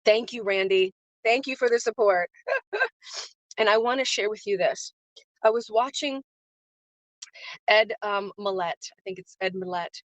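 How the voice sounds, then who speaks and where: There's no echo on this recording of a woman with a medium-pitched voice who speaks at a measured pace with long pauses. As a faith-based business coach hosting a live stream, she gives a heartfelt, emotional motivational talk, calling out viewers by name and repeating phrases to drive points home.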